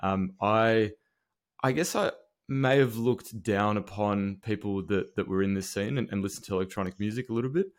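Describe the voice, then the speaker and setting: A man hosting a podcast, talking in an earnest, casual way with many halting restarts. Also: lowish voice. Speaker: podcast host. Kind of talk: casual interview chat.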